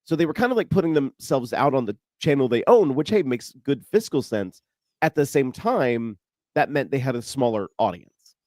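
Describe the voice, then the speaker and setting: A man's voice: mid-range voice, sing-song, moderate pace, a little mellow, no echo, studio quality. A man speaking as a guest on a radio show, chatting casually and laughing between his points. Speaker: guest panelist. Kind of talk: casual chat.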